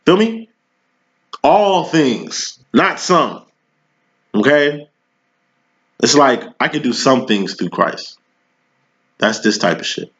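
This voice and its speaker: Here a tarot reader's mid-range, slightly bright voice swings widely in pitch as he moves slowly, pausing often. It's a casual reading full of slang and preaching, punctuated by "you know what I'm saying," on a dull lo-fi recording.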